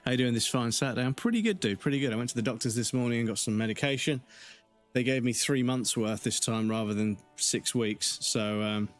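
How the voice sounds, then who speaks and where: A man streaming a game, chatting casually and rambling, swearing and greeting viewers. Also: medium pitch. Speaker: live streamer. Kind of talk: casual chat over gameplay.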